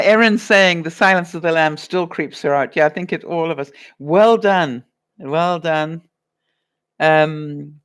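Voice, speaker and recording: A woman's voice: fairly low pitch, clean tone. A woman vlogger chatting casually on a live stream, giggling often as she reads out viewer comments. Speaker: vlogger running a movie quiz.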